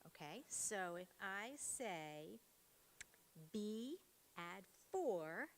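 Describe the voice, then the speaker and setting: Upbeat woman teacher with a lively voice. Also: medium pitch, extremely slow, slight background noise. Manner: upbeat, encouraging, prompting in short words. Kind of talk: classroom phonics demonstration. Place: school meeting room.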